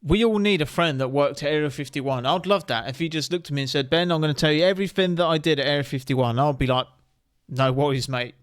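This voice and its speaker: A man's voice: a little high, fast, clear, resonant tone, no echo. A man hosting, chatting playfully to the viewer and asking them questions. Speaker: host. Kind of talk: casual chat to camera.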